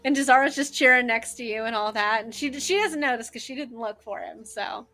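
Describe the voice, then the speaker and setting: A woman narrating as game master of a tabletop role-playing game, animated, with loose fillers and frequent laughter. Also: on the high side, brisk.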